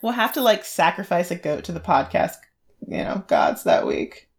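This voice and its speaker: A woman's voice: fairly low pitch, huge pitch swings, normal speed, gravelly, slightly rough. A woman co-hosting a chatty podcast. She rambles and laughs easily. She sounds tired, like she hasn't had her coffee yet. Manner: giggly and rambling. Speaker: podcast co-host. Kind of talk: casual podcast chat.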